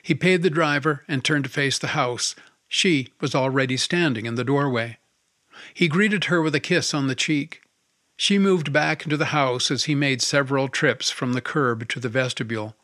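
A man's voice: mid-range voice, moderate pace, fairly bright tone, no echo. Man reading a novel, dry close sound. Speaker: audiobook narrator. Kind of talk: scripted narration.

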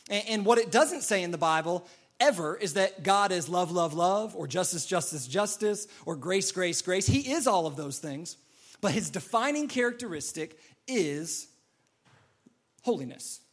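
Male pastor, high voice, earnest sermon delivery, leans on repetition. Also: a bit bright. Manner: earnest, repeats key phrases for emphasis.

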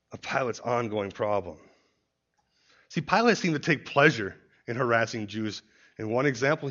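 In a dull lo-fi recording, a man with a mid-range, slightly bright voice gives an expository Bible teaching. He walks through his points step by step, frequently opening one with "see".

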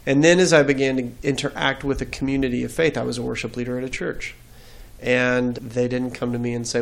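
A man's voice: mid-range voice, steady tone, fairly quick, vocal fry. A man, a guest on an interview show, telling his faith story in an earnest, reflective way.

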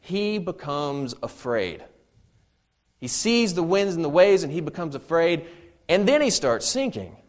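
A man preaching a sermon, reading scripture aloud with dramatic emphasis and breaking into conversational, humorous asides. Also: a little high. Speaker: pastor.

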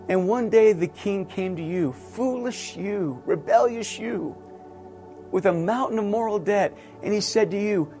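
Casting: male pastor, middle-aged, high voice, earnest repetitive sermon delivery, soft music underneath. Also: animated, measured pace. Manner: earnest preaching with emphatic repetition.

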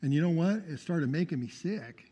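A man with a notably high voice preaches his testimony with fervor and keeps calling out for amens. The sound carries a long reverb, as if from a church hall. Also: expressive, moderate pace, mellow. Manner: fervent, calls out for amens. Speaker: testimony speaker.

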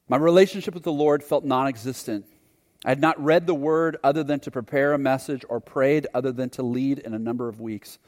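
A man's voice: medium pitch, darkish tone. A male preacher telling a personal story in a sermon, earnest and reflective. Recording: long hall reverb.

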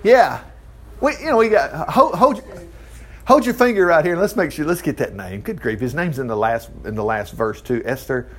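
A man's voice: a little high, animated, moderate pace. A man teaching an informal Bible study, reading scripture aloud and breaking off into folksy, chuckling asides.

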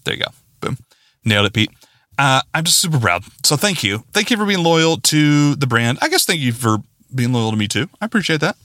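Excitable male podcast host, lively pitch, dry close-mic sound, rambling and self-deprecating. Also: fairly quick, no echo. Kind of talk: casual solo podcast sign-off.

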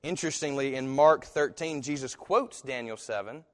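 A man preaching a sermon as pastor, talking in a conversational, animated storytelling way with asides. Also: mid-range voice, moderate pace. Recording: echoey hall.

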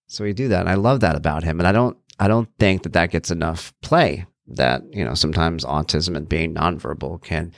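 A man's voice: sits low, quick pace, no echo, clean studio sound. A man hosting his own podcast, talking earnestly and casually, thinking aloud with frequent restarts. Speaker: podcast host and author. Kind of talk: casual solo podcast talk.

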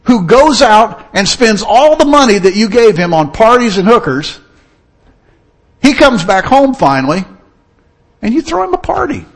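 A man's voice: high voice, wildly swooping pitch, slow pace, long pauses, a bit bright, husky, exaggerated voice. A man voicing a resentful, self-righteous older brother who complains emphatically. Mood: indignant.

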